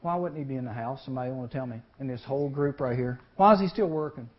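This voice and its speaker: A man preaching to a teen group, telling a Bible story and acting out its voices with lively energy. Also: mid-range voice, fast. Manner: animated, acts out voices in the story. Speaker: youth speaker. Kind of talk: storytelling sermon. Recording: lo-fi recording.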